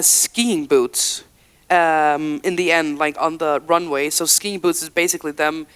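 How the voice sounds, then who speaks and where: She's a singer in her 30s from the Faroe Islands, her voice on the low side with a fairly bright, clean tone. Interviewed at an indoor event venue, she talks candidly and chattily, full of "like," fresh restarts, and quotes she acts out.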